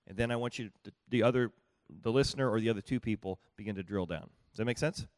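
A man's voice: fairly low pitch, quick pace, no echo. A man leading a live group workshop, talking conversationally and often repeating and restarting his phrases, with a dry, close sound. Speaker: workshop leader. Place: room with small groups at tables.

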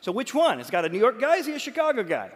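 A man preaching a sermon in an animated, joking way, with quick asides. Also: extremely high pitch. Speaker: pastor. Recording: long reverb of a large hall.

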